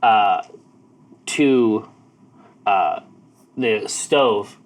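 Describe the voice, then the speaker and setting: Man slowly narrating a tabletop game. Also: fairly low pitch. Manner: slow, searching scene description. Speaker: game master.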